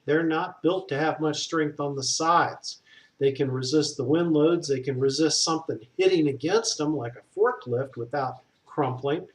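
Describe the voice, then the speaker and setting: A man's voice: on the high side, normal speed. Blunt man, structural engineer type, rambling and opinionated. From Southern US. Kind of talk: casual explanatory monologue.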